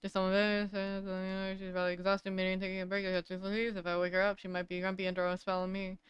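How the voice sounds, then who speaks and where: A woman streamer reads a game's text aloud in a casual voice, dropping wry asides between the lines. Her tone is very smooth and clean, and the sound is dry and close, as if she is right at the mic. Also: mid-range voice, monotone, fast, no echo, dull audio. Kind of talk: reading game dialogue aloud with asides.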